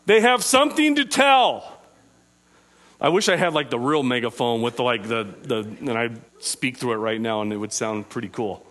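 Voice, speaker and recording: A man preaching an interactive sermon, asking his listeners questions and slowing down on key phrases. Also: medium pitch, expressive, fairly bright tone. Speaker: preacher teaching a group.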